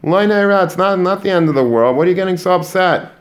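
A man's voice: high-pitched, quick pace, pitched above the performer's own voice, lightly acted. Give me a man playing a yeshiva staffer soothing an upset father in a raised voice. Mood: coaxing. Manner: coaxing, dismissive of worry. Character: reassuring male yeshiva staff member.

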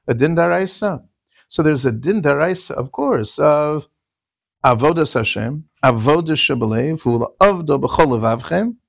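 A man's voice: fairly high pitch, vocal fry, no echo, studio quality. A man teaching a Talmudic lecture, repeating key terms and asking rhetorical questions. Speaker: Torah teacher.

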